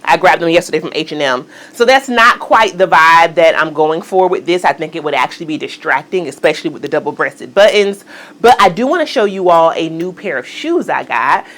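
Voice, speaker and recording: A woman's low-pitched voice moves a little fast as she tries on outfits for her vlog audience. She's chatty, playful and animated, tossing out "girl" and "y'all" as she goes.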